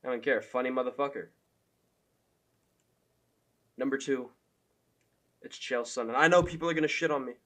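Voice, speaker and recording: A man's voice: medium pitch, fast, sharp tone. A young man giving loose, profane opinion commentary as a fan, full of fillers and laughs.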